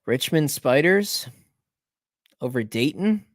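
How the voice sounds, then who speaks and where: A man's voice: on the high side, slow, no echo, clean studio sound. Man muttering through betting picks live. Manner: talks to himself, repeats team names, frequent self-corrections; jumps between muttering and excited outbursts. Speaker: sports betting show host. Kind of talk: live-stream betting picks, thinking aloud.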